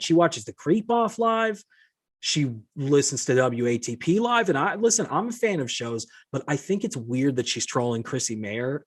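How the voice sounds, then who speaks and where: A man's voice: fairly high pitch, husky. A man hosting his own podcast, ranting in an exasperated, indignant tone, swearing often and reading out messages he received. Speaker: podcast host. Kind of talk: solo podcast rant.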